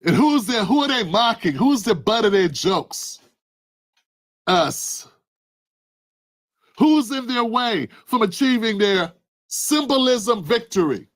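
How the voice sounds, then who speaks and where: A man's voice: sits high, very animated, slow pace, pauses often. A man hosting his own channel, giving impassioned political commentary full of repeated rhetorical questions. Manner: fervent, repetitive rhetorical questions, addresses a listener by name.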